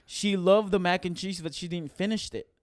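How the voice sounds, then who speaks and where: A man co-hosting a casual podcast chat, rambling and animated as he recounts scenes. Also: high voice, moderate pace, no room sound, studio quality. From Philippines. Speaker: podcast co-host.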